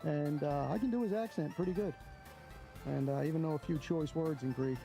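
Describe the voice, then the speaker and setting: Blunt high-voiced man filming outdoors. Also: brisk, gravelly, dark tone, soft background music. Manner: blunt, mocking, chatty. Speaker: camera auditor filming police. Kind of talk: outdoor running commentary to camera. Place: outdoors, near a parking lot.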